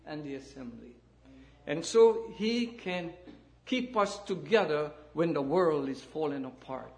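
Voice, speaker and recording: A man with a very high voice preaching a sermon in church. He swings between loud, rousing declarations and quieter, dropped phrases. He works the congregation with calls of amen and hallelujah. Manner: emphatic, rising and falling delivery with calls of amen and hallelujah.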